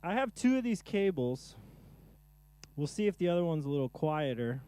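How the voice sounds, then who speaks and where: A man's voice: fairly high pitch, big pitch swings, moderate pace, warm tone, clear, resonant tone. A man casually chatting to himself during a live music stream, rambling and joking while he troubleshoots his gear in a home studio.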